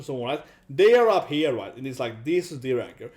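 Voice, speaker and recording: A man with a fairly high voice talking through a casual commentary vlog. He rambles, restarts and keeps checking in with 'right?'. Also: sing-song, moderate pace, hardly any pauses, a little mellow. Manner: rambling, repeats 'right?' often. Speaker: YouTube commentator.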